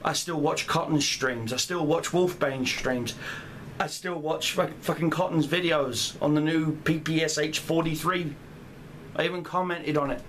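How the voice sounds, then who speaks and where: A man's voice: fairly high pitch, normal speed, fairly bright tone, slight background noise. A man in a furious, profane rant as a gamer, heated and swearing throughout. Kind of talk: angry rant vlog.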